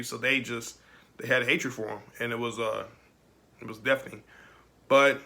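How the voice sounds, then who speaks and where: Young male reviewer, bright tone, loose chatty delivery with frequent laughs. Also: medium pitch, flat delivery, moderate pace, vocal fry. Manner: rambling and emotional, laughs often. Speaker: film reviewer. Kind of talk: casual video review.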